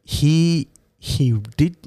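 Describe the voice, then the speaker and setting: A man casually telling a story, animated and profane, with lots of fillers. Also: on the high side, drawn-out words, smooth, no room sound. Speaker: storyteller guest. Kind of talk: casual chat, anecdote.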